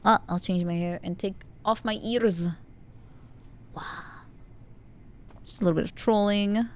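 A woman's voice: medium pitch, steady tone, unhurried, a little mellow. A woman streaming a stealth video game, chatting playfully with frequent giggles and stammered restarts. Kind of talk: live game commentary.

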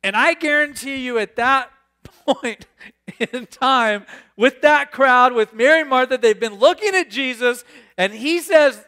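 A man preaching a sermon, reading scripture aloud and riffing on it with animated, excitable asides. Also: very high-pitched, moderate pace. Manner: animated, reads scripture then riffs with sudden bursts of excitement. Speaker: pastor.

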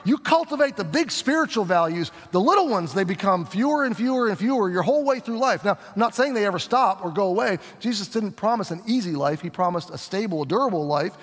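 A man teaching scripture verse by verse as a pastor, talking in an animated way and acting out the voices of the people and Jesus. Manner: animated, voices the crowd and Jesus with shifting pitch. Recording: long hall reverb.

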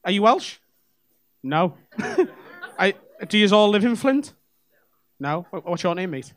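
Cheeky high-voiced comic. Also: male voice, sing-song, unhurried. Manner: cheeky, swearing banter with audience. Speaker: stand-up comedian. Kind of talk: crowd work. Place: comedy club stage. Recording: live comedy club with audience laughter.

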